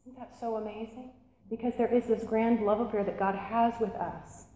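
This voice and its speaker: A woman teaching an interactive sermon, animated and laughing, asking the audience questions. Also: fairly high pitch, normal speed. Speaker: church teacher. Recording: echoey hall, faint room noise.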